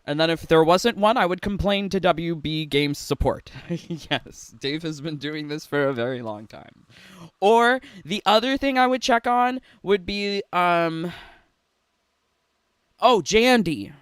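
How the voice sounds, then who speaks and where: A man's voice: on the high side, expressive, measured pace, smooth, no echo. A man ranting in a sarcastic, rambling, giggly way from his home in a casual gaming vlog. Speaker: gaming YouTuber. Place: home room.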